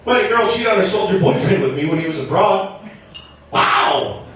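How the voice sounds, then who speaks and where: A man's voice: high voice, animated, normal speed, fairly bright tone, a little hiss or hum. A young man from southern Minnesota doing a chatty stand-up set on a bar stage. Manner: conversational, chatty with many likes and rights. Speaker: stand-up comedian. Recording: echoey bar recorded from a distance.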